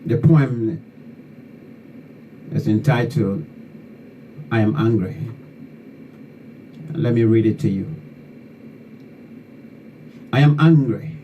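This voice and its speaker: A man's voice: medium pitch, takes it slowly, pauses often, lo-fi sound. A man from Liberia, hosting an online talk show and delivering fervent, repetitive political commentary that scolds his listeners. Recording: distant mic with faint background noise.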